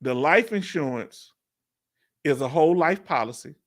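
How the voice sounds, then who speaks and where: A man from Houston with a Southern accent hosting a casual veteran livestream Q&A, reading viewer comments aloud in slangy, animated talk. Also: on the high side, normal speed. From Houston, Texas.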